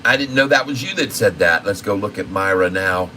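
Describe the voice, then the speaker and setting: Man, market livestream host, folksy and excited, bright forceful voice, casual commentary. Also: deep voice, brisk, slight background noise, low-quality recording.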